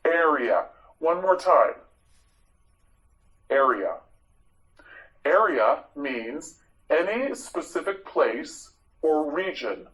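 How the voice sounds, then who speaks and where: A man teaching English vocabulary to learners, repeating each word clearly and praising patiently. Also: a little high, animated, drawn-out words, long pauses, fairly bright tone, rough recording. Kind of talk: vocabulary drill lesson for learners.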